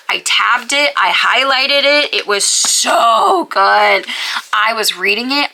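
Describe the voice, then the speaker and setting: A book vlogger chats casually to camera, gushing and peppering her talk with "like," sometimes dropping to a whisper for emphasis. Her mid-range voice is creaky, pushed and bright, and the recording is rough.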